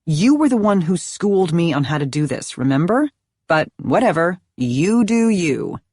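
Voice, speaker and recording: A woman voicing a brash, dismissive young college woman with a flippant, sharp manner. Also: fairly low pitch, big pitch swings, moderate pace, breathy edge, no echo, studio quality, exaggerated voice.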